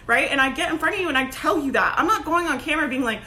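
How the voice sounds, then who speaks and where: A woman in her thirties giving a loud, emphatic motivational talk to camera, laughing often and peppering her speech with "like" and "right?". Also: sits high, expressive, fast, hardly any pauses. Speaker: online business coach. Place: at home. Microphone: phone.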